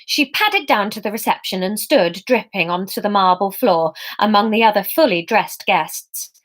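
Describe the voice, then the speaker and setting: A woman's voice: medium pitch, lively intonation, normal speed. A woman reading her own comic novel aloud, breaking off for playful, chatty asides.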